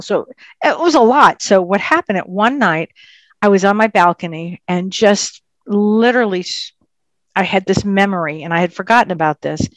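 A woman, a psychic medium, telling her story in a casual interview with an animated, emphatic manner. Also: fairly low pitch, no echo.

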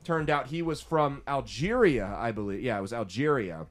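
A man's voice: mid-range voice, lively intonation, moderate pace. Guy hosting a podcast, ranting about the news, indignant and punchy. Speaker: podcast host. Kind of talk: opinionated news commentary.

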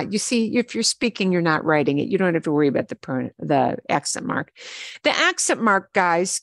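A woman teaching a Spanish lesson, patiently repeating words slowly for her students. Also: mid-range voice, no echo, clean studio sound. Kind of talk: online language lesson.

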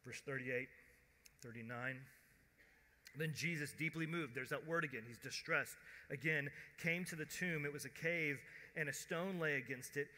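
A man preaching with a bright, forceful, fairly high voice, talking to the room like a conversation and slipping into quoted voices. His sermon rings out with a long reverb tail from a big church hall. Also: moderate pace. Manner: conversational preaching, acts out quoted voices, drops to a hush at emotional points. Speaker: pastor.

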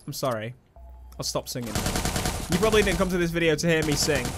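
A young man giving excitable, swearing let's play commentary over a video game. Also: fairly high pitch, fast, very noisy. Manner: excitable, swearing, laughing at his own jokes. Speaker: gaming YouTuber. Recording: game gunfire and sounds behind.

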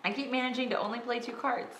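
A woman's voice: on the high side, fairly even intonation, quick pace, reverberant, background noise. A woman co-hosting a casual board game playthrough, playful and chatty, tossing in robot beep-boop noises. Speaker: co-host.

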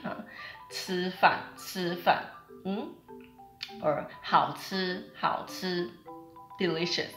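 A young woman from Taiwan with a Taiwanese accent, a Mandarin teacher giving a chatty video lesson and repeating words slowly to demonstrate them. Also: on the low side, a bit bright, echoey room, soft background music. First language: Mandarin Chinese.

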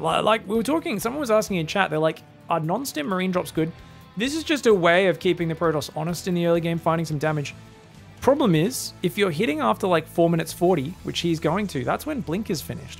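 A man's voice: on the high side, animated, fast, vocal fry, faint music behind. A man with an Australian accent doing solo esports commentary, chatty and joking with teasing asides. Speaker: esports caster.

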